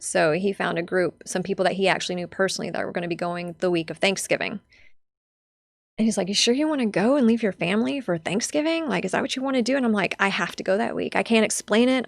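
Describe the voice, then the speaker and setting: A woman's voice: medium pitch, gravelly, no room sound. A young adult woman telling a personal story as a podcast guest, heartfelt and chatty with lots of fillers.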